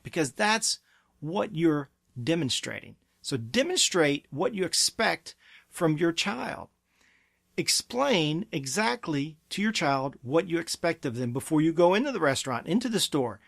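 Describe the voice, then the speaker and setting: A man's voice: high voice, big pitch swings, measured pace, creaky, a bit bright, no room sound, clean studio sound. A man giving parenting advice as a therapy clinic presenter, earnest and emphatic. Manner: earnest, emphatic, acts out parent and child quotes. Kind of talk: advice talk to camera.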